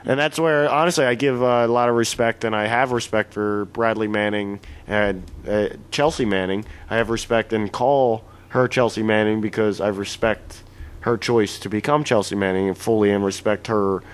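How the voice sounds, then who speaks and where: A man's voice: fairly low pitch, steady tone, normal speed, clean tone. A man co-hosting a casual podcast, rambling and crude, often correcting himself mid-sentence. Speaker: podcast co-host.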